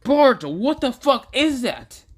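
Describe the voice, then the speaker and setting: A man voicing a furious ninja father who shouts at his son in a loud, raging voice. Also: mid-range voice, moderate pace, natural voice.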